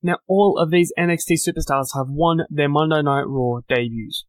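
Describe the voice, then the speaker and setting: A man's voice: a little high, normal speed, no echo. Chatty man recapping wrestling. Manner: chatty, opinionated, animated recap with asides. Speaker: podcast host. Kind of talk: solo wrestling recap podcast.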